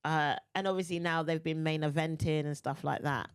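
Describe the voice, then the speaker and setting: A woman's voice: sits low, fairly even intonation, fairly quick, smooth, dry recording, studio quality. A woman from England hosting a podcast, chatty and teasing, laughing often. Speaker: podcast host. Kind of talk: casual podcast chat.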